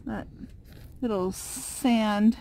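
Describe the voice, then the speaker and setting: Slow-talking chatty woman vlogger. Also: medium pitch, warm tone. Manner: chatty, rambling, many fillers and laughs. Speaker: van-life vlogger. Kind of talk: casual vlog chat. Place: inside a van.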